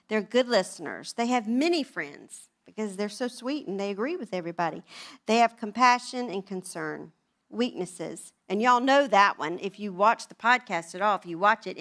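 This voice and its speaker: A woman around sixty, giving a chatty, humorous personal talk at a women's event. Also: medium pitch. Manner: animated, chatty storytelling.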